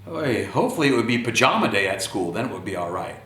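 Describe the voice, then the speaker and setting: Guy reading a kids book out loud, lowish voice that jumps around a lot, echoey room. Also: quick pace. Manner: animated, talks to children directly. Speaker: children's book reader.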